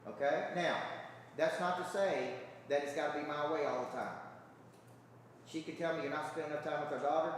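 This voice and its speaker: A fairly high-pitched man gives an emphatic seminar talk in a large hall, constantly checking in with the live crowd through rhetorical questions. He's recorded from far off amid echo, with a little hiss or hum.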